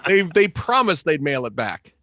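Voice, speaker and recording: A man co-hosting a gaming podcast, telling a travel story in a jokey, animated way. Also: fairly high pitch, moderate pace, muffled recording. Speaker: podcast co-host. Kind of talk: casual podcast chat.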